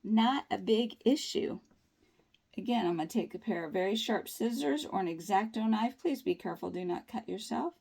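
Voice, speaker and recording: A woman's voice: mid-range voice, normal speed, creaky, mellow, breathy edge. A woman chatting upbeat and reassuring through a nail tutorial, with folksy phrasing. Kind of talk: casual tutorial talk.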